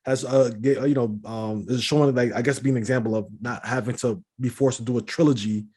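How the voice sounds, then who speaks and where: Guy rambling on a game podcast, lots of you-knows, mid pitch. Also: steady tone, fairly quick, darkish tone, slightly rough. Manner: rambling, many restarts and fillers. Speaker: podcast co-host. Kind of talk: casual chat.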